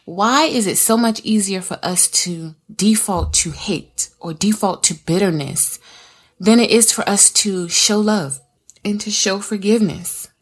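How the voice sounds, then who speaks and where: A woman's voice: medium pitch, a little slow, slightly rough. Chatty woman teaching Bible study. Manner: chatty and conversational, addresses listeners as y'all.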